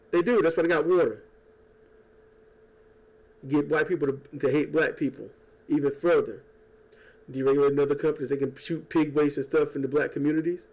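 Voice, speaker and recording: YouTuber, male, slightly high-pitched, rambling sarcastic rant full of profanity and mocking asides. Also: a little mellow. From United States. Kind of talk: casual political rant. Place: at home. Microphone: old desk microphone.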